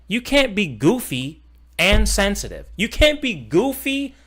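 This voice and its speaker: A man reacting live to a video, cursing and mocking in a heated rant. His pitch leaps widely, from loud outbursts down to muttered asides. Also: wildly swooping pitch, a little slow.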